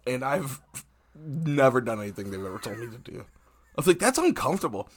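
A man's voice: mid-range voice, sing-song, fairly quick. A man with a lisp, co-hosting a podcast in casual, rambling banter and laughing often. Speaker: podcast co-host.

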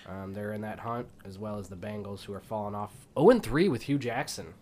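A man co-hosting a casual podcast, going through the team's upcoming games in a plain, measured way with filler ums. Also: on the low side, expressive, a little mellow. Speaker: podcast co-host covering sports. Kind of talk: casual sports talk.

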